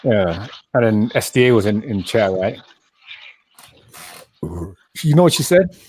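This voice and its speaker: A man's voice: lowish voice, big pitch swings, slow, darkish tone, a little hiss or hum. A man from Colorado chatting casually on a podcast, rambling and repeating himself as he talks. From Colorado, USA. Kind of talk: casual chat.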